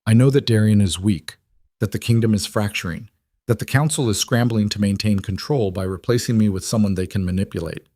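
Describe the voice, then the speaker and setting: A man reading as a cold, steady she-wolf leader. Her lines come low and even with no room sound, each one clipped and firm. A storybook heroine who does not back down. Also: a little fast, dry recording, clean studio sound, natural voice. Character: defiant young female wolf-shifter leader, cold and steady. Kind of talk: audiobook character reading.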